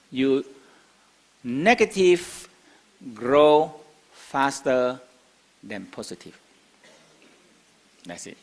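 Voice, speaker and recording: A man's voice: medium pitch, a bit bright. Older male teacher, non-native English, casual lecture, laughs often, rhetorical questions. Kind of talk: spoken lecture to a class.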